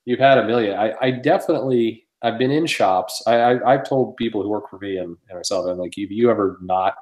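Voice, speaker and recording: A man's voice: on the low side, a little fast, a little mellow, reverberant. A man who owns a comic shop, chatting casually and telling rambling stories with plenty of swearing and laughter. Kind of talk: casual podcast chat.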